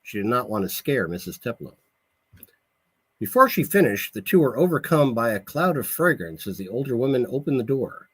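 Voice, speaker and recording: An author reads a passage from his novel aloud at a measured pace, now and then catching and correcting a word. His voice is mid-pitched with a husky, breathy grain. The delivery is steady and unhurried. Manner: measured reading with small slips and self-corrections.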